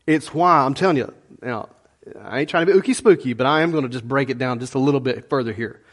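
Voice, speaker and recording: Speaking fast in a mid-range voice, a middle-aged man preaches as pastor. The sermon is lively and conversational, sprinkled with homespun remarks aimed at the congregation.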